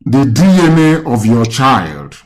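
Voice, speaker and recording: A man's voice: medium pitch, big pitch swings, unhurried. A man with a Nigerian accent hosting a live call-in talk, lecturing and asking the caller rhetorical questions. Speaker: host.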